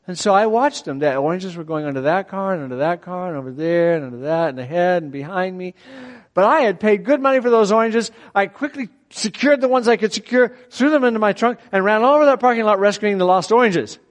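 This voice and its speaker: A middle-aged man preaches in a large hall, his voice high-pitched and fairly quick. He keeps the sermon animated and conversational, often putting questions to his listeners.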